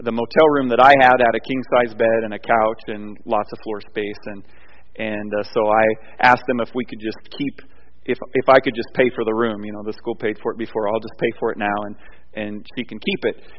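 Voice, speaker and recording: A man preaching a sermon, moving between loud emphatic points and quiet, rambling storytelling with frequent restarts. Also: lowish voice, steady tone, brisk. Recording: dull sound with long hall reverb.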